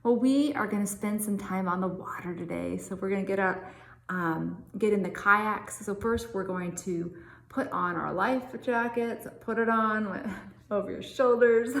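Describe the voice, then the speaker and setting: A woman leading a laughter yoga session, reading scripture softly and calmly, then breaking into bursts of laughter and chanted ha-ha sounds as she guides the group. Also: mid-range voice, vocal fry, roomy sound. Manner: soft slow calm reading voice for scripture.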